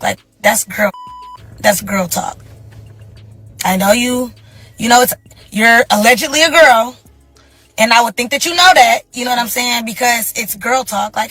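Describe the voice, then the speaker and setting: A woman from a reality show delivers a blunt, insulting confessional rant in a mocking tone. Her voice is high and bright, and it plays as a show clip with faint music underneath. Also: unhurried, pauses often. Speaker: reality show cast member.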